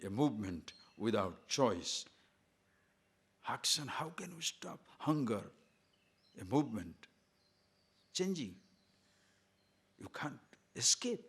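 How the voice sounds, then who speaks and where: A man's voice: fairly low pitch, a bit bright, husky. A man giving a discourse on scripture as a spiritual teacher, emphatic and full of rhetorical questions, sometimes chanting verses in Sanskrit.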